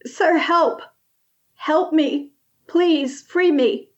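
A woman's voice: high voice, extremely slow, dull audio, pitched above the performer's own voice. A woman voicing an emaciated, shivering man in a cage who begs frantically to be freed. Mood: pleading. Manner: begging, frantic. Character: emaciated shivering caged man, desperate, pleading.

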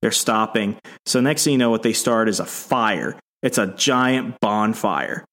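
Podcast co-host recapping a comic, animated storytelling, casual. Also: male voice, lowish voice, unhurried. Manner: animated storytelling with acted-out voices.

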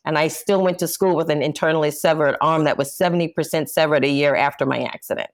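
Low-voiced woman telling her story. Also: steady tone, fast. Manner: emphatic, impassioned. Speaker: interview guest, jazz singer. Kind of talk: candid personal storytelling.

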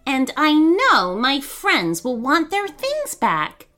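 A woman's voice: high voice, wildly swooping pitch, slow pace, pushed and bright, soft background music, pitched above the performer's own voice, heavily acted. Woman voicing a firm, determined schoolgirl. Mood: insistent. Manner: firm and insistent. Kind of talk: storybook reading.

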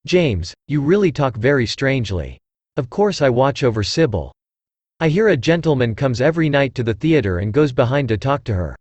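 A man's voice: medium pitch, big pitch swings, moderate pace, darkish tone, dry recording. A synthesized male voice reading the lines of a placid, vain middle-aged mother who was once an actress, in genteel, complacent speech, as in an audiobook.

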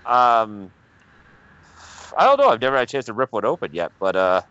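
A man's voice: mid-range voice, wildly swooping pitch, moderate pace, a bit bright. A Canadian man co-hosting a casual podcast, sarcastic, swearing and laughing often. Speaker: podcast co-host. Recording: dry, dull lo-fi recording.

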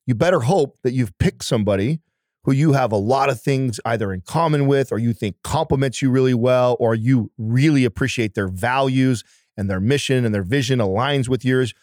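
A man of ordinary pitch talks as a podcast guest, earnest and emphatic, with a casual swear thrown in. His voice sits close to the mic in a dry, dead room. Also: moderate pace, a little mellow, dry recording. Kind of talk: casual conversation.

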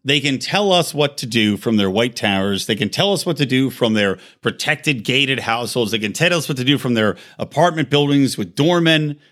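Male podcast host, mid-pitched voice, heated profane monologue delivery. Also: animated, moderate pace, hardly any pauses, fairly bright tone. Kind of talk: ranting monologue.

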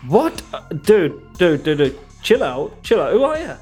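A man's voice: sits high, sing-song, normal speed, darkish tone, slightly rough, faint music behind. A man, hosting a podcast and firing off incredulous questions in a comedy sketch. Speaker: podcast host.

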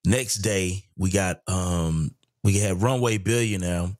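Low-voiced reflective man hosting a podcast. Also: steady tone, slow, a little mellow, no echo, studio quality. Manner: reflective, searching for words with many restarts. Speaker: podcast host. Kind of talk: casual podcast conversation.

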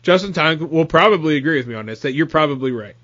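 Animated storytelling podcast host, a man. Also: a little high, quick pace, dry recording, lo-fi sound. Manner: animated storyteller, stammers when excited. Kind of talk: casual banter.

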